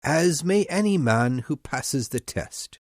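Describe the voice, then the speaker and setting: Sly old-world king faking calm, slow and sweet, pitched up a bit, man reading it. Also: no echo, clean studio sound. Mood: falsely calm. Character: scheming male king feigning calm.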